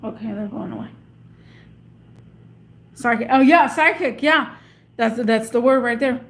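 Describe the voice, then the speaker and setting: A woman's voice: on the high side, measured pace. A woman vlogging from her car in a casual, rambling monologue, often stopping to search for words. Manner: chatty, meandering, searches for words. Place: in or beside a parked car.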